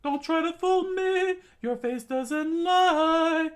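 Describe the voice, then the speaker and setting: A man voicing an angry young male ship's cook in a shrill, very high falsetto. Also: slow.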